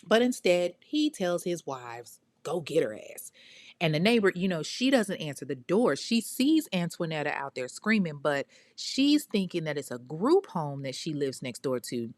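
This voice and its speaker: A woman recounts a true crime case in casual, blunt, profane talk, breaking in with emphatic asides. Her voice sits fairly low, and the recording is dry and close. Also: big pitch swings, moderate pace, few pauses, darkish tone, dry recording.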